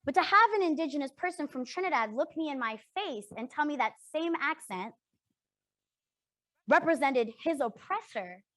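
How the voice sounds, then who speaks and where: A young adult woman from Canada leading an interactive workshop, speaking earnestly and emphatically and often checking in with a quick "right?". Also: high voice, animated, a bit bright, no echo. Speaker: workshop facilitator.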